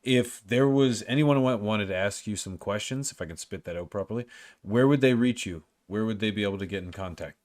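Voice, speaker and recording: Low-voiced guy hosting a podcast, gushing thanks at his guest. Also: a little fast. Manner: effusive, thanks guest warmly. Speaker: podcast host. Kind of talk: casual interview chat.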